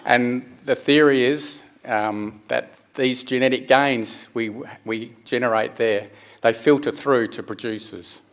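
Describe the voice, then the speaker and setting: A middle-aged man giving a technical conference presentation, speaking haltingly with frequent restarts and fillers. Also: medium pitch, fairly even intonation.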